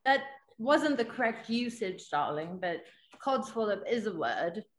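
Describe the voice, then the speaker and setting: A woman's voice: medium pitch, sing-song, unhurried. A woman in casual chat, teasing her friends and explaining slang words. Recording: echoey room.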